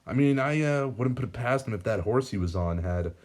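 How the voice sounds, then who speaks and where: A man's voice: medium pitch, animated, brisk, darkish tone, pitched above the performer's own voice, natural voice. A man voicing a laid-back man with an offhand, casual delivery.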